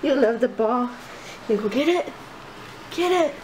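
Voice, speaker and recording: A woman's voice: on the high side, moderate pace, a little mellow. A woman vlogging at home, talking to her baby son in sing-song baby talk and laughing often. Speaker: vlogger and mother. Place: home, indoors. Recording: noisy home video.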